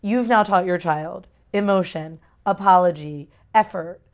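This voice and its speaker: Fast-talking earnest mother. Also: lowish voice. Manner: earnest, expressive, shifting tone for emphasis. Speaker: parent giving a testimonial. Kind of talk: candid interview answers.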